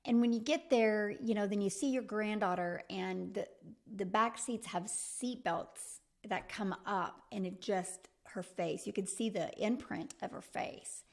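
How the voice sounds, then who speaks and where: A woman's voice: mid-range voice, a little slow. A middle-aged woman giving a motivational coaching talk as a business mentor, emphatic and repetitive, speaking straight to the listener.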